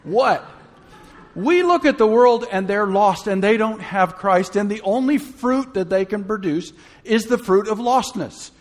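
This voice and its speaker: A man's voice: high voice, expressive, moderate pace. A man preaching a sermon in a conversational way, full of rhetorical questions and humorous asides.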